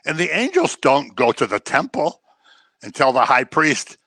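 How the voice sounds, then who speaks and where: A man preaching a sermon in an animated way, acting out the voices he quotes. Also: medium pitch, normal speed, dry recording.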